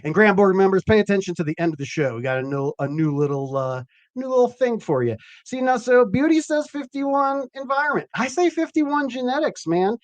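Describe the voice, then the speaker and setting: A man hosting a cannabis growing podcast live, chatting casually in an animated, rambling and profane way. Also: high-pitched, brisk, no echo. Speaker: podcast host. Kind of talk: casual live-stream chat.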